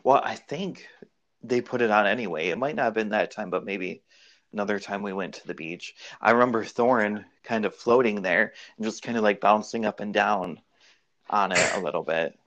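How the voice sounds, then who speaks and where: A man's voice: fairly low pitch, moderate pace, highs cut off. A man hosting a podcast, chatting casually and rambling through shared memories. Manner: relaxed, rambling, recalls memories aloud. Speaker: podcast host. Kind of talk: casual chat.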